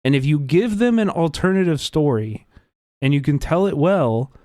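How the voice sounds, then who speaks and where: A man talks casually on a livestream, rambling and earnest with plenty of fillers. His voice sits a bit high, and the sound is dry and close, with no room around it. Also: lively intonation, moderate pace, a little mellow, no echo. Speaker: livestream host.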